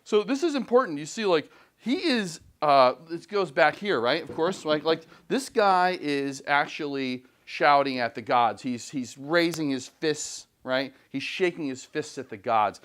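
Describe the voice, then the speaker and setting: A man's voice: a little high, expressive, measured pace, hardly any pauses, fairly bright tone. Chatty male teacher leading a class. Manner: chatty, questioning, frequent "right?". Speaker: high school English teacher. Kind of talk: classroom lecture and discussion. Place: school classroom.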